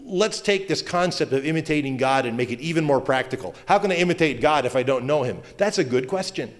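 A male pastor giving a sermon in a conversational manner, with joking asides and quick self-corrections. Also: fairly high pitch, expressive. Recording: long hall reverb.

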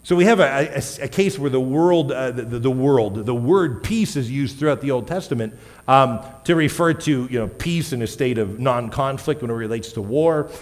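A pastor with a medium-pitched voice preaches at a moderate pace in a church hall, and the recording carries a long hall reverb. His sermon is casual and conversational; he asks the congregation questions and corrects himself with light laughs.

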